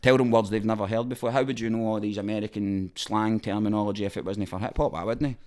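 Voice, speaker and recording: A man's voice: lowish voice, steady tone, quick pace, a little mellow. A Scottish man hosting a podcast, talking bluntly and emphatically, with plenty of swearing. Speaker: podcast host. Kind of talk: casual chat.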